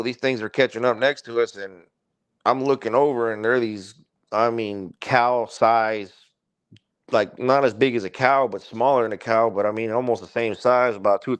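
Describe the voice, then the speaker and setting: A man's voice: medium pitch, smooth, dry recording. A man guest on a podcast, telling a story in a casual, rambling way, full of swearing and "like". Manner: rambling, profane, heavy use of "like".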